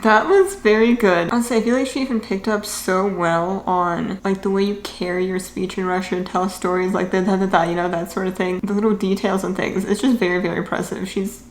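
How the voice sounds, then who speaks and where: A woman's voice: mid-range voice, steady tone, brisk, hardly any pauses. A young woman hosting a reaction video, chatting casually and thinking aloud with fillers as she comments on clips. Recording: echoey room with faint hum.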